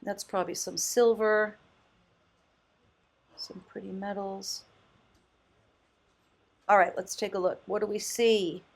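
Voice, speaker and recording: A woman's voice: mid-range voice, fairly even intonation, slow, long pauses. A chatty woman thrift vlogger with a mid-range voice, talking in a casual, off-the-cuff way. She muses aloud, exclaims with delight and laughs easily as she goes along. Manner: muses aloud, thinking out loud. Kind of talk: casual vlog commentary.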